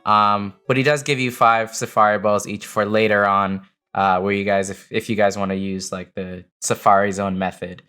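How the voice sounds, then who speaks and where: A man's voice: fairly low pitch, flat delivery, normal speed, pushed and bright, clear, resonant tone. A man narrating as game master, explaining rules with many fillers and restarts.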